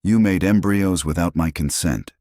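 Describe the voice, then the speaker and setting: A man's voice: deep voice, moderate pace, darkish tone, no echo, clean studio sound, voice pushed up, natural voice. A man voicing a hurt, angry young mother of triplets who speaks sharply and bitterly.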